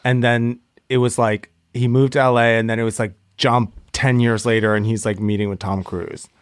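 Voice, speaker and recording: A man's voice: mid-range voice, level tone, moderate pace, clear, resonant tone, no room sound. A man co-hosting a podcast, making dry, matter-of-fact remarks in casual chat. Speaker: podcast co-host.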